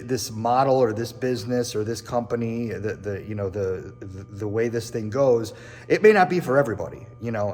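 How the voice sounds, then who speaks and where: In a machine shop, a real estate agent who hosts his own show speaks earnestly and reflectively to camera, often repeating and restarting phrases. His medium-pitched voice sounds like it's in a large hall.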